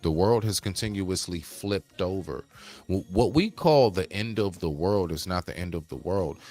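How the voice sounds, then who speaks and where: A man from the United States hosting a livestream, talking straight to his viewers and chat in a casual, preachy monologue. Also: sits low. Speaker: livestream host.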